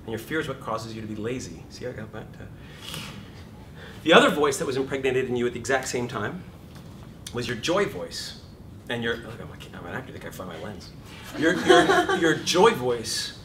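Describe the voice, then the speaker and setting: A middle-aged man lecturing an acting class, animated and jokey, acting out inner voices as he talks. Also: medium pitch, moderate pace. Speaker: acting teacher. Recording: echoey room, far from the mic, noisy.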